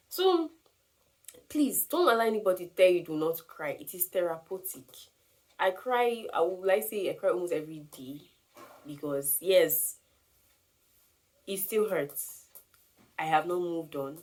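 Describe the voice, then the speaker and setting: A woman's voice: lowish voice, normal speed. A woman, talking earnestly to camera and giving advice on grief. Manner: earnest, animated, emphatic. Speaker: vlogger sharing grief advice. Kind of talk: casual talk to camera.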